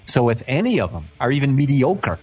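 A man's voice: mid-range voice, sing-song, fairly quick, a little mellow, slightly rough. Profane ranting male podcast host. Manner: profane, ranting, reads reviews aloud. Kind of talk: casual chat.

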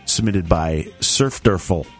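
A man's voice: low voice, expressive, slow, soft background music. A man co-hosting a casual podcast, reading listener comments aloud in a jokey way and stumbling over the words. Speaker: podcast co-host.

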